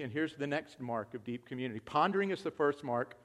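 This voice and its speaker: A man preaching a sermon to his congregation in a conversational way, acting out quoted voices and swinging from hushed asides to loud emphasis. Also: medium pitch, animated, fairly quick, few pauses. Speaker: pastor.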